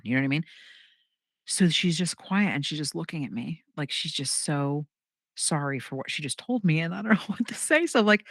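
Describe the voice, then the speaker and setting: Woman, young adult, comedian, casual storytelling, animated quotes, bright tone. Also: fast, dry recording, clean studio sound. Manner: animated, acts out quotes with big pitch jumps. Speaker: comedian guest.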